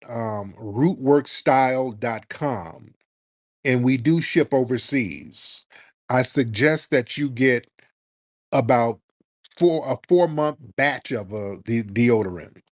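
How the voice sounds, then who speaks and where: A man hosting a livestream call-in, mocking callers in an animated, sarcastic way with sudden high exclamations. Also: no room sound, studio quality. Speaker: livestream host.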